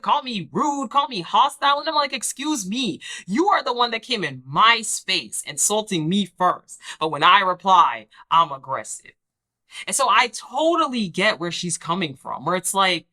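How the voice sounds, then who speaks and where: A woman's voice: a little high, sharp tone. A young woman hosting a reality TV recap, talking emphatically and sassily and acting out the people she quotes. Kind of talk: casual recap commentary.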